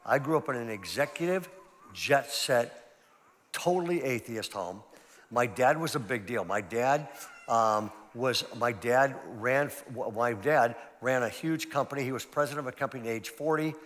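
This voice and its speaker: A man's voice: mid-range voice, animated, normal speed, a bit bright. An older man, a pastor, giving a conversational, emphatic seminar talk full of personal stories. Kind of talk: sermon-style seminar talk. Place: large church hall. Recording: long hall reverb.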